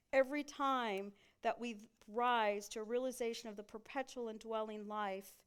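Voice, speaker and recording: A woman's voice: on the high side, clean tone. A woman pastor preaching a sermon in a church sanctuary, often turning to the congregation with rhetorical questions.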